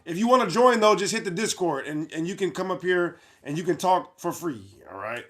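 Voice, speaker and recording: A man's voice: high voice, expressive, fairly quick. A man hosting a livestream, reading chat comments aloud in a brash, mocking way and laughing at his own jokes. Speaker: livestream host.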